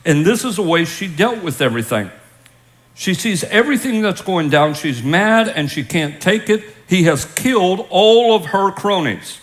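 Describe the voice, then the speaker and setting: A man's voice: high-pitched, lively intonation, normal speed. A male pastor preaching a sermon in a church, retelling scripture as a casual, joking story for his congregation. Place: church auditorium with live congregation.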